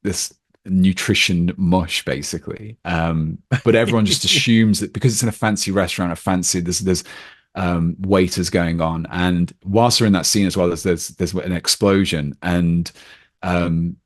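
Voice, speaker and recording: A man's voice: low-pitched, steady tone, normal speed. A man talking casually about a film as a podcast guest, with lots of fillers and restarts. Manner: rambling, many fillers and restarts.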